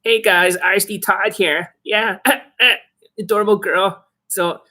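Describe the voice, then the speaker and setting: A man's voice: high-pitched, fairly even intonation, slow pace, bright, forceful tone, pitched above the performer's own voice, heavily acted. A man mocking a sugary upbeat pickup coach. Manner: mocking, exaggerated cheerfulness. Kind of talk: mocking impression.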